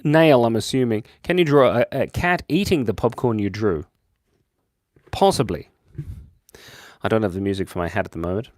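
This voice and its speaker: A young Australian man chatting casually with his viewers while he draws on a livestream, playful and quick to jump from excited to quiet. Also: no echo, clean studio sound. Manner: playful, jumps between high excited bursts and quiet mumbles. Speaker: livestream host drawing for chat. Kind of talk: casual live-stream chat while drawing.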